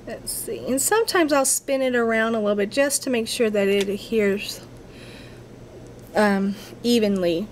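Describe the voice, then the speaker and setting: A woman's voice: on the high side, moderate pace, slight background noise. A woman giving a casual crafting tutorial, chatty and a little apologetic, talking to herself as she works at her craft table.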